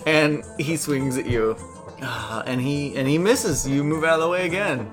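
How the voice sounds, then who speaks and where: A man's voice: a little high, normal speed, a bit bright, soft background music. A man narrating a tabletop game as game master, chatty and laughing often.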